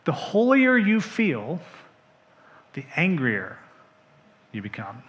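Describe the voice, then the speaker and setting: A man's voice: a little high, slow. A male pastor preaching a sermon, telling the story with animation and asking the congregation direct questions. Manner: animated storytelling, acting out the characters' quoted lines.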